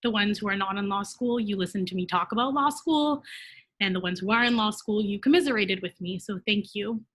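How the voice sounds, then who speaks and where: A woman's voice: medium pitch, fairly quick, a bit bright, husky. A woman giving grateful thanks in a short speech as a new lawyer over a video call.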